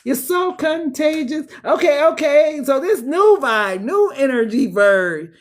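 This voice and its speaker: A woman's voice: high-pitched, lively intonation, measured pace, hardly any pauses. Blunt, profane woman reading tarot. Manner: blunt, profane, sassy slang. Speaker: tarot reader. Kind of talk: casual tarot reading livestream.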